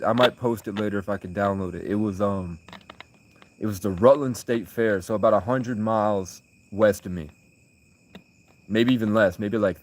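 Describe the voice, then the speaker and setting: A low-pitched man from the United States talking on a late-night livestream. He rambles and repeats himself, answers his chat and breaks into loud laughter.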